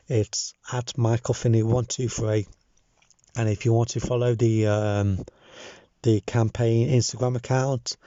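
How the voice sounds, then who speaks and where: A man's voice: mid-range voice, dark tone, no echo. A young man giving a sincere, hesitant thank-you message, full of ums and restarts, recorded with dull lo-fi sound. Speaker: campaign organizer.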